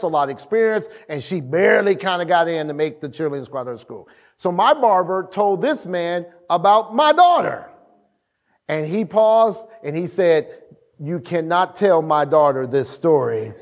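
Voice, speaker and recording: A man with a high voice preaches a sermon, urging his listeners to call back and shout along with him. His voice rings out with a long reverb, as in a large hall. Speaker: pastor.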